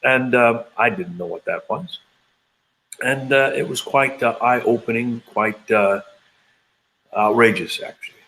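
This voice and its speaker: A man's voice: medium pitch, measured pace, long pauses, fairly bright tone, low-quality recording. A man in his fifties, a channeler being interviewed, telling his story in a rambling way with many hesitations and quoted dialogue. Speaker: intuitive channeler, interview guest.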